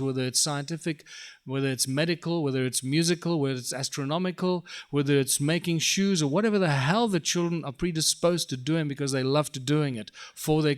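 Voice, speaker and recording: A man presenting a workshop to a live audience, speaking emphatically and asking rhetorical questions. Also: fairly high pitch.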